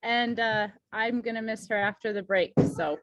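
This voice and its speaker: A woman's voice: fairly high pitch, fairly even intonation, moderate pace, background noise. A woman teacher on a video call, talking casually with lots of giggles. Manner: giggly, warm. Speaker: classroom teacher.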